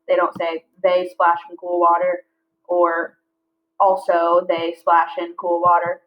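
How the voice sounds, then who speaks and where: A woman teaching a class, reading lines slowly and clearly and breaking words into syllables. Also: lowish voice, monotone. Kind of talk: classroom lesson. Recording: slightly dull lo-fi audio.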